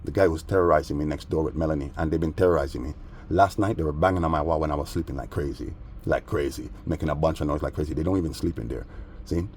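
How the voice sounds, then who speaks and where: A man's voice: a bass voice, quick pace, darkish tone, a little hiss or hum. A man rambling through a story in casual street slang, aggrieved and agitated. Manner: streetwise, peppered with "man" and "bro". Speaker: vlogger.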